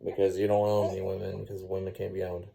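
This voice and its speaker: A man's voice: low-pitched, completely flat delivery, fast, creaky, mellow, slight background noise, voice pushed down. A man voicing a group of grumpy, impatient gods in a bedtime story. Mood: scolding. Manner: annoyed and nagging. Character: grumpy bored gods, male.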